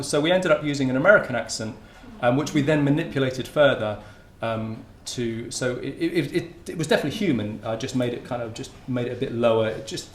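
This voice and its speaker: A university researcher from Hertfordshire, England, gives an informal conference talk in a medium-pitched male voice. He often restarts his sentences and uses many fillers. The lecture-room recording sounds roomy, with a little hiss or hum.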